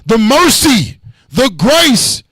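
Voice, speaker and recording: A man teaching a Bible class, preaching with call and response and a joking, blunt, animated manner. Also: extremely high pitch, drawn-out words, breathy edge, no room sound.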